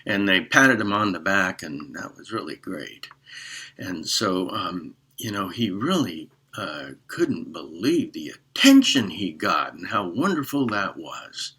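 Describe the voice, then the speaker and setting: Unhurried rambling male storyteller, bright voice, lively pitch. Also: slightly rough. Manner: rambling, with many fillers and restarts. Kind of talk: casual spoken storytelling.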